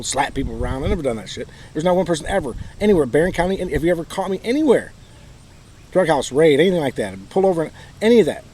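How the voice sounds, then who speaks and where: A man's voice: mid-range voice, warm tone, rough recording. Michigan man, bitter personal monologue, emphatic, faint outdoor noise. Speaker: vlogger telling his own story.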